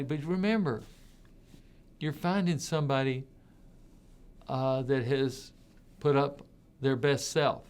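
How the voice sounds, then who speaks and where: A man's voice: fairly high pitch, clean tone. A man giving an informal talk, speaking conversationally and leaning hard on his key points. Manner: conversational, repeats words while thinking, emphatic on key points. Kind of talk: informal spoken commentary.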